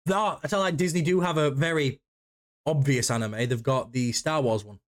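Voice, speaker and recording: A man co-hosting a podcast in casual chat, excitable and rambling, who swears casually. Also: a little high, moderate pace. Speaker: podcast co-host.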